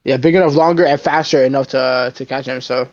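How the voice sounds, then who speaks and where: A man's voice: mid-range voice, steady tone, fairly quick, lo-fi sound. A man co-hosting a casual podcast, laid-back and slangy, mostly agreeing. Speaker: podcast co-host. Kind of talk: casual chat.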